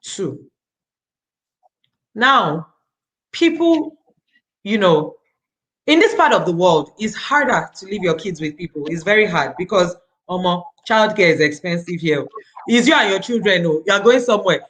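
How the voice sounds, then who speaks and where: Bright-voiced Nigerian woman speaking earnestly. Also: on the low side, a little slow, long pauses, low-quality recording. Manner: earnest, animated, with Nigerian interjections. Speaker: author. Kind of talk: talking at a virtual book event.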